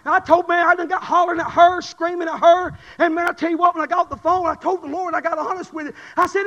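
A middle-aged man preaching a sermon, swinging from quiet testimony to shouted fervor. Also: very high-pitched, steady tone, quick pace, big-room sound, highs cut off.

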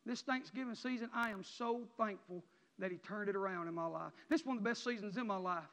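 Impassioned preacher, high voice. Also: male voice, fast talker. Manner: impassioned, rising to near-shouts then dropping low. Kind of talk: emotional sermon testimony. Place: church sanctuary. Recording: dull sound with long church reverb.

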